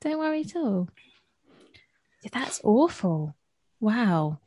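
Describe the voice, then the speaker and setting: A woman's voice: on the high side, sing-song, slow, a little mellow, breathy edge. A woman hosting a podcast interview who asks questions and gives short, sympathetic reactions. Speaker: podcast host.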